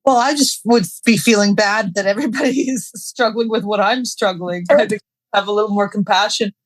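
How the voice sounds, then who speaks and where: A woman in casual conversation, speaking gently and reflectively. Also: medium pitch, a little fast, no room sound. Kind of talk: casual chat.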